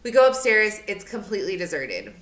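A young woman in her twenties who co-hosts a podcast, telling a story casually, animated and swearing a lot. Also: mid-range voice, brisk. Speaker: podcast co-host. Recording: roomy echo.

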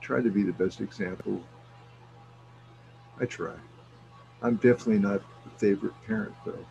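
A man's voice: fairly low pitch, moderate pace, creaky, dull audio, slight background noise. A middle-aged man chatting casually, telling stories with lots of swearing and laughter. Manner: animated storyteller, swears freely, laughs often. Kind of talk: casual chat.

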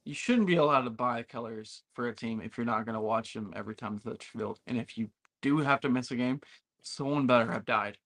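A man co-hosting a casual sports chat, excitable and trash-talking about rival fans. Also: mid-range voice, fairly quick. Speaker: podcast co-host.

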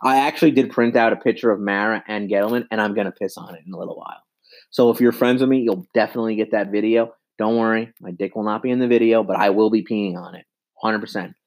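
A man's voice: fairly low pitch, fairly even intonation, fast talker, darkish tone. A man in his twenties giving an exasperated, profane sports rant into a handheld mic, repeating himself. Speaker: sports fan vlogger.

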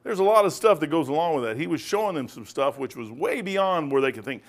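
A male pastor leads a loose, chatty Bible study, wandering between points and tossing "man" into his sentences. His speaking voice sits a little high for a man. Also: animated, fast talker. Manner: rambling, conversational, peppers talk with "man". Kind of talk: casual Bible study teaching.

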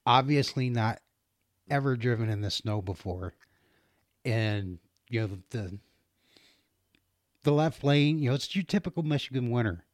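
A man's voice: mid-range voice, lively intonation, normal speed, pauses often, no echo. A middle-aged man spins a long, rambling trucking yarn in a loose, casual way, stumbling over restarts and laughing often. His voice sits in a middle register, and the recording is dry and close. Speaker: truck driver telling a story. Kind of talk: casual storytelling.

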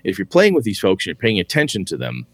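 A man's voice: sits low, huge pitch swings, quick pace, vocal fry, no echo. A man hosting a casual podcast about tabletop gaming, talking candidly, swearing freely and laughing often. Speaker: podcast host.

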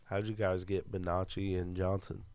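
A man's voice: sits low, flat delivery, moderate pace, a little mellow. A man in his twenties co-hosting a podcast, trading casual crude banter with laughs and swearing. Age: 20s. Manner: laid-back, swears freely, laughs a lot. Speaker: podcast co-host. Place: small studio.

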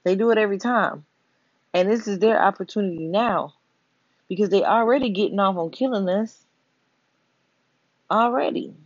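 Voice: mid-range voice, normal speed, long pauses, no room sound. Blunt, profane ranting voice on lo-fi audio. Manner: blunt, emphatic, addresses listeners directly; repeats 'you know what I'm saying' as a filler. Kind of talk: profane social-commentary rant to camera. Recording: dull, lo-fi, dry audio.

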